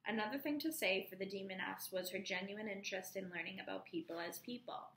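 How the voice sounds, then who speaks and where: A woman teacher reading a novel aloud to her students in a measured, careful way, calling out the page numbers as she goes. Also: mid-range voice, a bit bright, echoey room.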